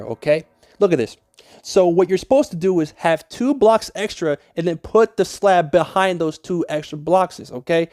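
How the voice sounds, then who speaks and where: A man's voice: high voice, expressive, moderate pace, a little mellow, no room sound, faint music behind. A young man talking through a game tutorial in a casual, rambling way, swearing often and easily annoyed. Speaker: Minecraft tutorial creator. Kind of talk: casual gameplay tutorial voice-over.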